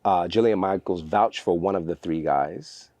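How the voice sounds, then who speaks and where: A man telling lively stories as a guest in a podcast interview, acting out what others said. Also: low voice, moderate pace, no room sound. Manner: energetic, animated storyteller acting out quotes. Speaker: guest, fitness trainer.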